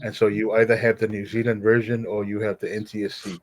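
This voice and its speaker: A man from Samoa with a Samoan accent, a podcast guest telling stories in a conversation, animated and laughing as he talks. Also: on the low side, fast talker. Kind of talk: storytelling in a conversational interview.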